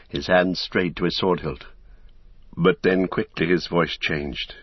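Brief: solemn audiobook narrator, man, low voice, somewhat dull sound. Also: steady tone, no room sound. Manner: measured, solemn storytelling. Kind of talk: scripted narration of a novel.

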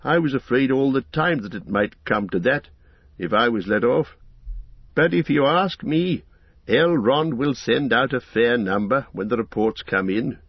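A man's voice: mid-range voice, lively intonation, a little slow, breathy edge, dry recording, lo-fi sound. A man voicing an elderly male hobbit who talks in a chatty, fussing way.

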